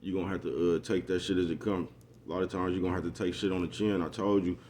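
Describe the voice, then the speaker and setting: A man's voice: low-pitched, flat delivery, quick pace, darkish tone, slight background noise. A man vlogging a casual motivational monologue, rambling and repetitive in street slang. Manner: rambling, repetitive, street slang, keeps asking "you know what I'm talking about".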